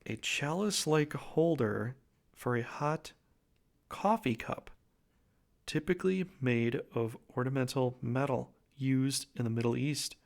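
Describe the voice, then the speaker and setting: A man's voice: medium pitch, a little slow, vocal fry. A man giving a casual, jokey tarot reading, rambling with wordplay and self-corrections. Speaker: tarot reader.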